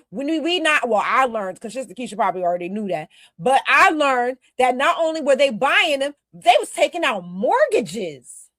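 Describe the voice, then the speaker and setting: A woman hosts a commentary show and speaks bluntly and heatedly, with a fairly high voice. The sound is dry and close, with no room echo. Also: a bit bright. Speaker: commentary host. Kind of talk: casual commentary.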